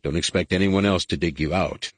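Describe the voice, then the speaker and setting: Audiobook: male reader as a stern alien admiral, dry and measured, deep husky tone. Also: no echo.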